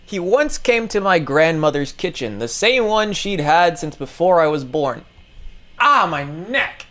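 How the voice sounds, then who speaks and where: A man's voice: on the high side, expressive, normal speed, a bit bright. A man casually reading an article aloud. He rambles, swears often and stumbles over words as he comments along the way.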